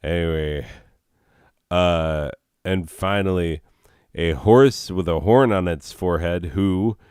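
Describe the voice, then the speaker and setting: A man's voice: sits low, slow pace, a little mellow, smooth, no room sound, clean studio sound. A man hosting a comedy video, reading absurd entries and riffing on them with sarcastic, rambling asides.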